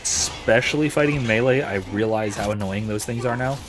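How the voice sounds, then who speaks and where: A man's voice: medium pitch, brisk. A man hosting a let's-play, reading out chat and thinking aloud about the game's lore, often restarting his sentences. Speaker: host of a let's-play and discussion series. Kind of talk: livestream commentary while gaming, reading out chat.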